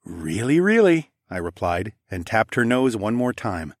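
Male narrator, low voice, dry close recording, first-person fantasy audiobook, lively, swears casually. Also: moderate pace, dry recording.

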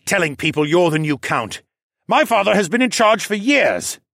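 A man's voice: high-pitched, very animated, moderate pace, vocal fry, fairly bright tone, no room sound, voice pushed up, exaggerated voice. Smug young dragon bully voiced by a male narrator, sneering and taunting, raised voice, dry close sound, fantasy storybook. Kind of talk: audiobook character voice.

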